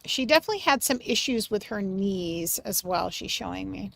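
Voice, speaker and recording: A woman giving a live mediumship reading on a livestream, speaking gently and affectionately, sometimes dropping soft and sometimes breaking into excited bursts. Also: medium pitch, moderate pace, creaky. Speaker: psychic medium.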